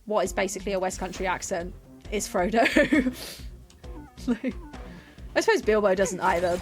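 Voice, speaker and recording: A woman's voice: medium pitch, faint music behind. A young woman, chatting casually and rambling a little as a streamer and game master. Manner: chatty, rambling, quick laughs. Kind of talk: casual chat to a live chat.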